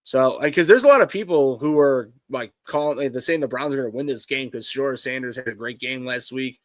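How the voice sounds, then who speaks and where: Emphatic, halting male co-host. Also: mid-range voice, dry recording. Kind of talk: live fantasy football show banter.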